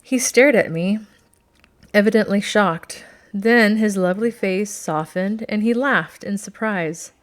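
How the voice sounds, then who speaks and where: A woman reading a novel aloud as scripted narration, in a measured, steady storytelling manner. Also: medium pitch. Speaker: audiobook reader.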